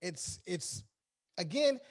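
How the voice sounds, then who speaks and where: A Chicago man with a somewhat high voice chatting on a podcast. He restarts his sentences with repeated words and swears freely. He keeps pulling the others in with questions. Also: sing-song, slow pace. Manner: stammering restarts, profane, asks questions back to the group. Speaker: podcast co-host. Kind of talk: casual chat.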